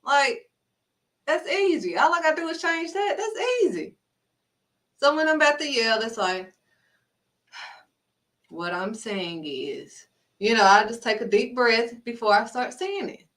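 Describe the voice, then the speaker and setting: A woman's voice: on the high side, big pitch swings, a little slow, long pauses, a bit bright. A woman giving a blunt, emphatic faith talk to camera, scolding and repeating herself for emphasis. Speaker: faith vlogger. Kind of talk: preachy direct-to-camera talk. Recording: voice somewhat distant from mic.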